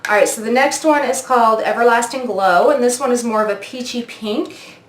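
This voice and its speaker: A woman's voice: a little high, normal speed, roomy sound. A woman in her forties doing a makeup review vlog, gushing and oohing as she tries products at her mirror. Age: 40s. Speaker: beauty vlogger.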